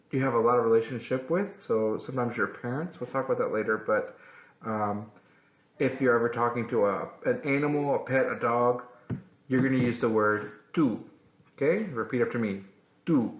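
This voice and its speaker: A man teaching a Spanish lesson, patient and clear, repeating words slowly for his students. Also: mid-range voice. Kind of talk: classroom-style language lesson. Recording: echoey room, slightly dull sound.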